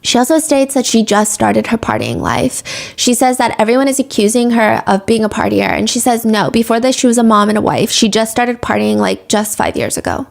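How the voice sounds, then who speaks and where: Woman podcast host, a little high-voiced, chatty and opinionated as she tells the story. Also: a little fast, vocal fry. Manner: conversational, opinionated, animated. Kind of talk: true-crime storytelling podcast.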